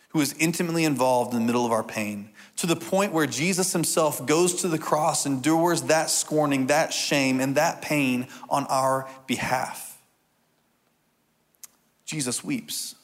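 A middle-aged male pastor delivers a sermon in an earnest, heartfelt way. He slows right down and lets his voice fall soft on the lines he repeats for weight. His pitch sits in an ordinary middle range for a man. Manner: earnest, with slow emphatic repetitions and soft drops for key lines.

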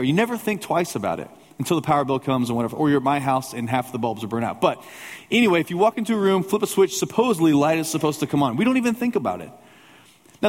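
A male pastor preaching a sermon in a church, telling a personal story in a conversational way with humorous asides. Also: a little high. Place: church sanctuary with a congregation. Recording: long hall reverb.

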